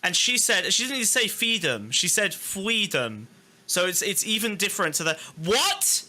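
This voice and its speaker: A man co-hosting a podcast, reacting to clips in incredulous, animated and sweary commentary. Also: high-pitched, fast talker. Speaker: podcast co-host.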